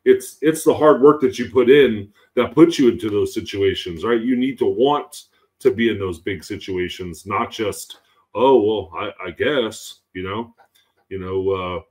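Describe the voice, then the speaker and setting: A man with a fairly low voice talks through ideas in loose, casual podcast chat. He circles back often, leaning on fillers and asking "right?" after his points. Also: normal speed, darkish tone. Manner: rambling, many fillers and tag questions. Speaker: podcast co-host.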